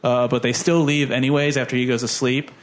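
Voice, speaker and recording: A man's voice: medium pitch, flat delivery, brisk, a little hiss or hum. A young man on a casual podcast, animatedly retelling a film plot with lots of "like" and silly character voices. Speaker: podcast co-host. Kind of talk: casual movie plot recap.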